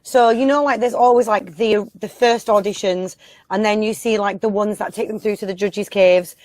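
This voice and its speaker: Brief: female comedy panelist, playful storyteller, mid-pitched, dry close sound. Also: fairly even intonation, normal speed, a little mellow, dry recording. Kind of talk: casual comedic chat. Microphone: video call.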